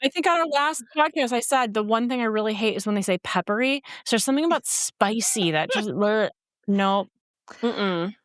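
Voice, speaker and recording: A woman's voice: fairly high pitch, expressive, fairly bright tone, no room sound, clean studio sound. A woman co-hosting a romance book podcast, blunt and playful in casual chat. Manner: blunt, playful, quick to dismiss. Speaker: podcast co-host reviewing romance novels.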